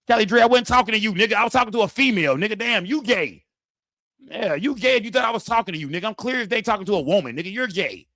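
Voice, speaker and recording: Brief: male stream host, AAVE, rowdy and profane, bright forceful tone, dry close mic. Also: high-pitched, animated, fast, no echo. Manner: loud, rowdy, addresses chat directly. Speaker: livestream host. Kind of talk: profane live-stream commentary.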